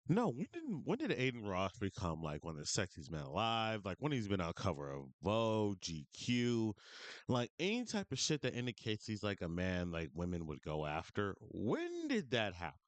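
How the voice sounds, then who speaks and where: A man in full angry commentary mode, berating and swearing with open disbelief. His lowish voice swings widely up and down as he rants. The sound is close and dry, with no room around it. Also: huge pitch swings, normal speed, no echo. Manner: profane, berating, incredulous ranting. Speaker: commentary streamer.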